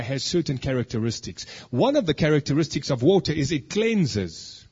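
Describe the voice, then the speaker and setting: A man, preaching a sermon and telling his own testimony, moving between hushed asides and emphatic declarations. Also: on the high side, very animated, normal speed, hardly any pauses, breathy edge, muffled recording. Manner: storytelling, swings from hushed to emphatic.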